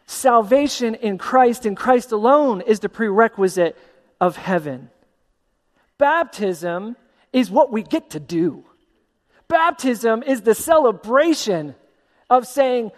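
Guy pastor preaching, acts out the story characters, high voice, echoey hall. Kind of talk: sermon. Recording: long hall reverb.

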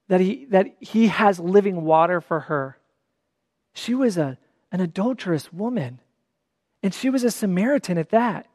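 A preacher delivering a sermon in a relaxed, talky manner, stressing key words by repeating them. The voice sits at a middle pitch, and a long hall reverb trails behind each phrase. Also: clean studio sound. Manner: conversational, with restarts and emphatic repeats. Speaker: pastor.

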